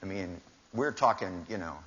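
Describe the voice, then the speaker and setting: Older man, lowish voice, wry storytelling seminar talk, dull lo-fi recording. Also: moderate pace, pushed and bright. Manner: anecdotal and wry, acting out dialogue with shifting pitch. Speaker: seminar speaker. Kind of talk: storytelling talk to a live audience. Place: large hall with audience.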